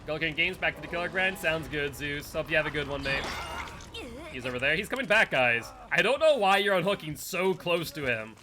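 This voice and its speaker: A man's voice: a little high, lively intonation, a little fast, background noise. A man giving casual running commentary while playing a game live and chatting with viewers and teammates. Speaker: streamer.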